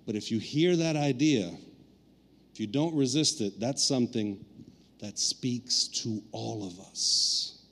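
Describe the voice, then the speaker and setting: A man's voice: mid-range voice, slow pace, fairly bright tone. A man preaching a sermon as pastor, telling a personal story with playful acted-out asides before turning earnest. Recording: reverberant hall.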